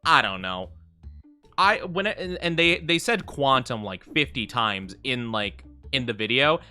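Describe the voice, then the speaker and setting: Bright, lively young male streamer. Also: mid-range voice, measured pace, clean tone, faint music behind. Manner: chatty, rambling, giggly, thanks viewers often. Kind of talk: casual live-stream chat while gaming.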